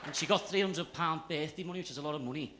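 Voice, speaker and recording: A man's voice: on the high side, fast talker, very noisy. A young man with a Liverpool accent doing a stand-up set on a comedy club stage, brash and sweary in his storytelling. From Liverpool area, England. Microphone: stage mic.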